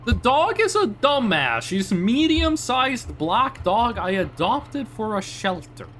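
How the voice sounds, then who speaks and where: A young man chats with his stream audience in a loose, rambling way and often trips over his sentences. His voice sits high and swings widely in pitch. A faint noise runs underneath. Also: sing-song, takes it slowly, a bit bright. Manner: rambling, chatty, reacting to chat with frequent restarts. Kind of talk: casual live-stream chat.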